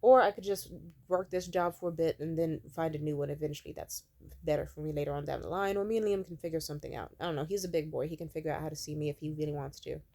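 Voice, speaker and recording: A woman's voice: quick pace, warm tone. Sarcastic, swearing young woman ranting. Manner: profane, sarcastic, exasperated ranting; mocking high voices when quoting others. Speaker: vlogger. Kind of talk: ranting vent vlog.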